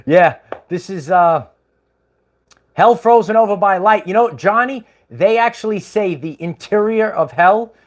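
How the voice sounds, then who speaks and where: A man hosting a livestream, chatting casually in a rambling way with chuckles and many fillers. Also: high-pitched. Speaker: livestream host.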